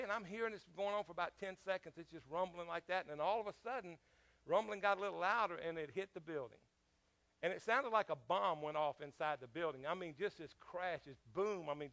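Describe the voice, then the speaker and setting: A man's voice: sits high, gravelly, a bit bright. A man preaching a sermon as pastor, telling a personal story in a conversational way, with frequent fillers and questions to the congregation.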